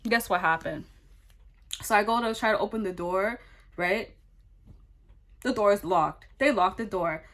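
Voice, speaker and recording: A young adult woman vlogger telling a story in casual chat, rambling and animated, full of fillers and swearing. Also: medium pitch, measured pace, pauses often.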